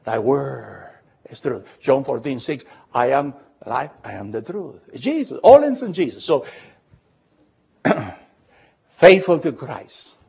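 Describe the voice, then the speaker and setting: A man preaching a sermon as pastor, emphatic, repeating words and slowing down to read scripture aloud. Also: medium pitch, big pitch swings, gravelly, darkish tone, husky. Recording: dull lo-fi recording.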